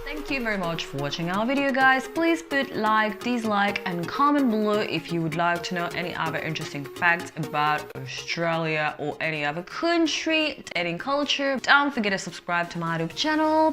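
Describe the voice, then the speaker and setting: A woman hosting a video gives an upbeat sign-off. Her voice sits low for a woman but moves a lot, and clear music plays under her. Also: big pitch swings, normal speed, hardly any pauses. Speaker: YouTube host. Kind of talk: video outro.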